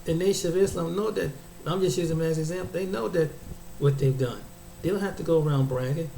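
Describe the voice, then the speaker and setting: A man delivers a preachy, unscripted monologue to his viewers, stumbling and restarting his phrases. His voice sits a little high with a soft, mellow tone. The room has an echo and faint ambient noise behind him. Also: quick pace, vocal fry. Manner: preachy, repeats and restarts words often. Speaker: commentator. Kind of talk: casual opinion monologue.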